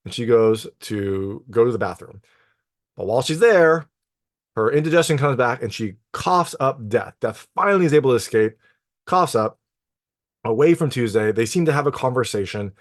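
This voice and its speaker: A man's voice: medium pitch, dry recording, clean studio sound. A man reviewing a film in a loose, chatty plot recap, full of "like" and "you know.". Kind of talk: casual spoken plot recap.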